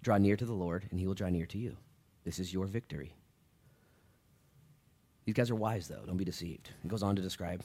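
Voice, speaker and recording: A male pastor delivering a sermon in a church with a fairly low voice. He speaks to his congregation like friends, sinking into quiet, low asides and then climbing to loud, pointed emphasis.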